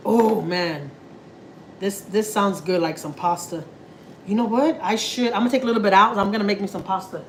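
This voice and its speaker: A chatty Texan woman talks loosely to her viewers as she cooks in her kitchen, full of slang and laughing asides. Her voice is mid-pitched and unforced, picked up by a phone camera. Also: a little fast, slight background noise, low-quality recording. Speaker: family vlogger. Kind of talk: casual live cooking chat. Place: home kitchen.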